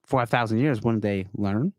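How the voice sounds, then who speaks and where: A man co-hosting a casual podcast chat, chiming in with quick asides. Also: lowish voice, no room sound. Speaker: podcast co-host.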